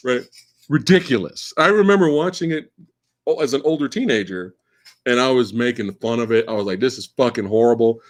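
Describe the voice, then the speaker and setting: A man in his forties hosts a live question-and-answer stream in loose, casual chat. His middle-pitched voice swings widely up and down as he gets animated. He swears freely and often stammers through restarts before landing his point. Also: brisk. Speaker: livestream host.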